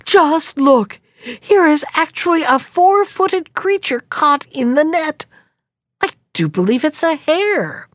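Woman doing a sly old peasant man, scheming, slow, bouncy pitch, dry room. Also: big pitch swings, no echo, heavily acted. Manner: sly, coaxing, feigns wonder.

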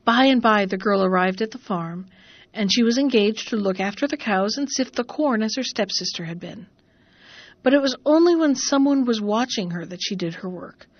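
A woman's voice: mid-range voice, no room sound, highs cut off. Woman reading a fairy tale aloud. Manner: measured, expressive reading. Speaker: narrator. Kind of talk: storybook narration.

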